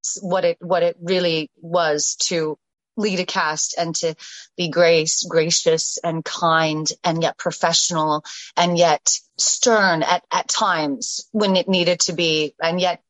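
A woman's voice: lowish voice, steady tone, takes it slowly, fairly bright tone, no echo, low-quality recording. A stage actress as an interview guest, chatting effusively and often restarting her phrases. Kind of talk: casual interview chat.

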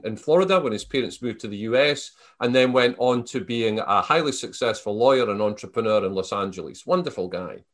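A Scottish man chatting in an interview, his pitch rising and falling a great deal as he tells stories. He stumbles and restarts often, padding his talk with fillers. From Scotland. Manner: storytelling, animated, many restarts and fillers. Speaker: guest. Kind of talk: casual interview chat.

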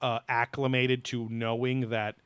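A man in casual podcast chat, profane and animated, mocking what he talks about. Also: medium pitch, a little slow, clean tone, no echo. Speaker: podcast co-host.

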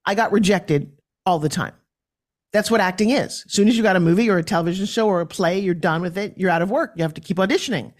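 A woman's voice: medium pitch, fast talker. Forthright New York woman telling stories. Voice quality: animated and forthright. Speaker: guest. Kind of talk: podcast interview storytelling.

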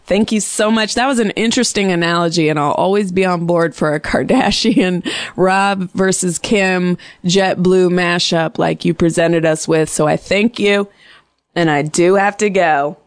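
A woman hosting a call-in radio show, quick and jokey, saying she is a bit sick. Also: on the low side, no room sound. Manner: fast, bubbly and joking, with frequent laughs. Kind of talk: casual call-in chat.

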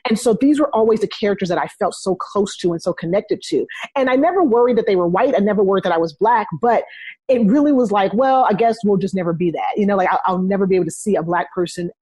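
Husky-voiced woman in her thirties. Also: medium pitch, lively intonation, fast, a little mellow, dry recording. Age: 30s. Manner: earnest, emphatic, speaks in repeated phrases. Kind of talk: casual discussion.

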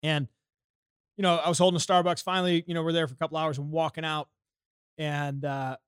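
A man's voice: on the high side, flat delivery, fairly quick, a bit bright, clean tone, no echo, clean studio sound. A man from the United States telling a story on a podcast in a profane, heated way. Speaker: podcast co-host.

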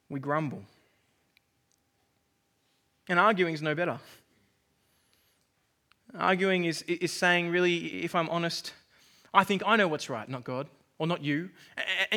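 A male pastor preaches in a chatty, self-deprecating sermon style. His voice sits high and sounds bright and lively. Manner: conversational, self-deprecating preaching with acted asides.

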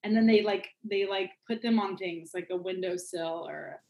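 A woman's voice: medium pitch, moderate pace, gravelly. Blunt, giggly woman guest. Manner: blunt, giggly, trails off softly. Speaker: podcast guest. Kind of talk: casual podcast chat.

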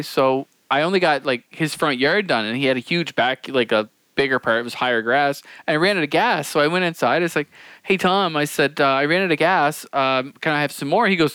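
A man's voice: a little high, fairly quick, sharp tone, clear, resonant tone, no echo. A man co-hosting a podcast, telling a funny story among friends, laughing and acting out the people he quotes. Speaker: podcast co-host.

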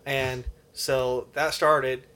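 A man's voice: mid-range voice, flat delivery, drawn-out words, crowd noise. A young man co-hosting a podcast, chatting casually in an earnest, rambling way full of fillers. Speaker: podcast co-host. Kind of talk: casual chat.

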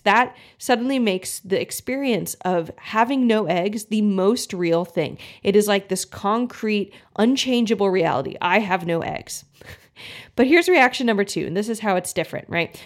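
Young woman podcast host, friendly and earnest, mid-pitched voice, slips into little voices for what your brain says. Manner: friendly, earnest, acts out inner thoughts with animated voices. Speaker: podcast host, gut health coach. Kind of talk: casual solo podcast talk.

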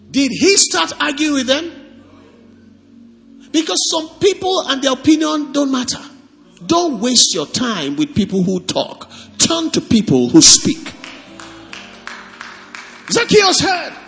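High-pitched, lively preaching pastor. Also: male voice, in a large hall. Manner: animated preaching with questions to the congregation. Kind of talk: sermon.

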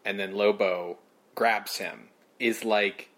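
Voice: low voice, steady tone, slow, a bit bright. A podcast co-host adds dry, joking commentary to a film discussion. The talk is casual and laid-back. Remarks come in a conversational, offhand way.

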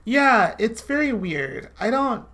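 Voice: medium pitch, animated, takes it slowly, sharp tone. Rambling podcast co-host, loose and jokey. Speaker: podcast co-host recapping a TV episode. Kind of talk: casual chat.

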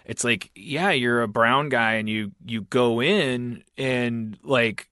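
A male podcast host in casual chat, rambling and halting, with many restarts. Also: medium pitch, bright, forceful tone, clean tone, no room sound, clean studio sound.

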